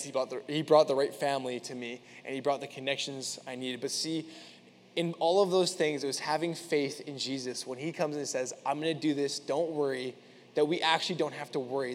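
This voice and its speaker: A man's voice: medium pitch, slight background noise. A young man giving a casual, chatty sermon full of personal stories, talking earnestly with many fillers. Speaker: preacher. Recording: long hall reverb.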